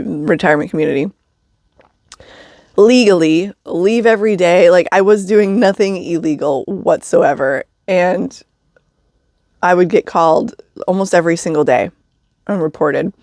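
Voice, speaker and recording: A woman's voice: lowish voice, unhurried, long pauses, darkish tone, dry recording, clean studio sound. A woman telling a story in a casual vlog, chatty, with wry asides and frequent laughs. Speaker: vlogger living in a vehicle.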